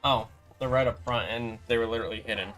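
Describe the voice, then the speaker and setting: A young man streaming a game, rambling casually and answering chat with halting restarts. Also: mid-range voice, fairly even intonation, fairly bright tone. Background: background music.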